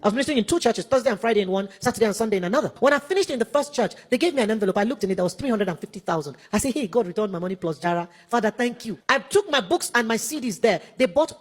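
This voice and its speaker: A woman's voice: a little high, very fast, few pauses. A Nigerian woman in her fifties, a preacher telling a testimony in a sermon and acting out the dialogue as she goes. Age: 50s. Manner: animated storytelling, acts out dialogue.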